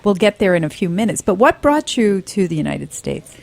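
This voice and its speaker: A woman's voice: medium pitch, sing-song, fairly quick, gravelly, dry recording. Woman, radio interview host, chatty, encouraging, conversational.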